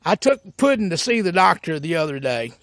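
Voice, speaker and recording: A man's voice: fairly high pitch, big pitch swings, fairly quick, a bit bright, no echo, clean studio sound. A man putting on a goofy rural hillbilly character for a comedy monologue, folksy and whooping. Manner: folksy drawl with hoots and cackles. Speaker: comedy sketch character host.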